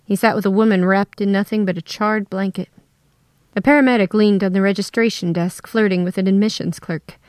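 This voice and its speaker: A woman telling a first-person story in a steady, scripted narration. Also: medium pitch, a little fast, no echo, studio quality.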